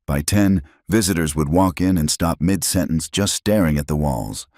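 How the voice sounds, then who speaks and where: A middle-aged man narrates a first-person story slowly and deliberately, leaving dramatic pauses. His voice sits extremely low. The recording is close and dry. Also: lively intonation, a little mellow, no echo.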